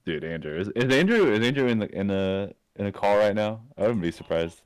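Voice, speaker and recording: Young male co-host, very low voice, dry sound, relaxed and brief. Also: brisk, smooth, dry recording. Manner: laid-back, short replies. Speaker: streaming co-host. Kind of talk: casual gaming chat.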